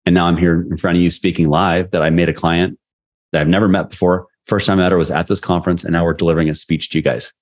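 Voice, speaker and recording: A man's voice: deep voice, little pitch movement, fast talker. A man, a sales leadership coach, talking candidly as a podcast guest and retelling conversations as anecdotes. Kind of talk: casual interview storytelling.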